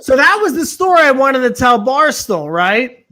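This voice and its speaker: A man's voice: very high voice, big pitch swings, normal speed, noisy background. Male comic guesting on a talk podcast, loose rambling delivery, swears freely, lots of filler words. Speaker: podcast guest, stand-up comedian. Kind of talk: casual storytelling chat.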